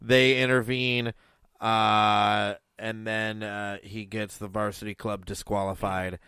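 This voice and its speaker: A man's voice: on the low side, little pitch movement, slow pace, bright, forceful tone, clean tone, no room sound, studio quality. A man co-hosting a podcast in casual chat, sarcastic and wisecracking, with frequent swearing. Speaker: podcast co-host.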